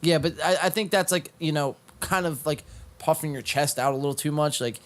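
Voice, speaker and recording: A man's voice: on the high side, fairly quick. A man hosting a podcast, talking in casual, profane banter full of filler words. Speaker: podcast host.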